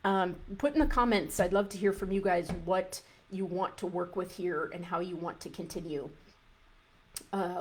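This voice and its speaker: A woman dietitian with a mid-range voice coaches a live group conversationally. She often restarts her phrases and acts out an inner voice.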